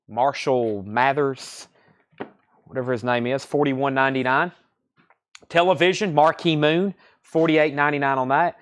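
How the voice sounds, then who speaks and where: A man runs a live online record sale, quoting prices in a loose, joking salesman's patter. His voice sits at a middling pitch for a man, and he keeps repeating his own catchphrases between items. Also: a bit bright. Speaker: host selling records on a live stream.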